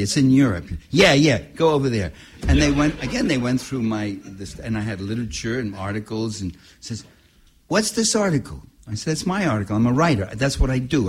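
Husky, lowish older man; activist speaker, anecdotal talk, animated delivery. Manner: animated storytelling, laughing at his own stories.

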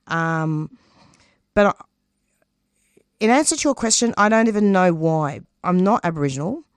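In candid interview answers, a radio producer speaks with intense, emphatic, openly emotional feeling. Her voice sits on the low side and is expressive and smooth at a normal speed, captured in a clean studio with no echo.

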